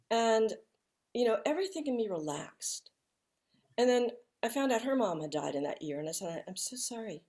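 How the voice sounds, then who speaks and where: A woman speaking as a guest in an interview, talking softly and reflectively with many restarts, over a video call. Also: fairly high pitch, big pitch swings. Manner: soft-spoken, halting, with frequent restarts.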